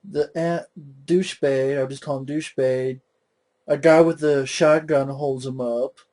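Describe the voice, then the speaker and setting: A man's voice: medium pitch, steady tone, a little slow, dark tone. A young man ranting about a movie, exasperated and mocking, with heavy swearing. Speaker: movie reviewer. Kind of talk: profane movie rant.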